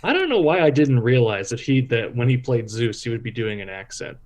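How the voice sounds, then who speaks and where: A man's voice: medium pitch, expressive, brisk, a little mellow. A man chatting casually on a pop-culture podcast, often laughing as he talks. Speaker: podcast panelist.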